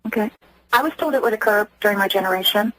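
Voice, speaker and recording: A woman's voice: medium pitch, fast talker, fairly bright tone, slight background noise, low-quality recording. A woman from Germany, a guest on a radio interview, telling her story earnestly and acting out what others said. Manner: earnest, acts out quoted speech.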